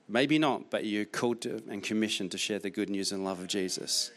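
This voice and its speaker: A man's voice: fairly low pitch, fairly even intonation, a little fast, fairly bright tone. Man preaching with emphatic repetition. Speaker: pastor. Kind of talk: sermon.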